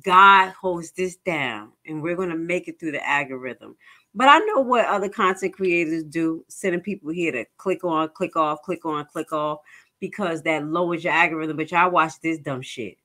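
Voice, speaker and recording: A woman's voice: deep voice, normal speed, bright, forceful tone. A woman doing reaction commentary, blunt and profane, mocking what she watches with dramatic bursts of disgust. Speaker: commentary vlogger.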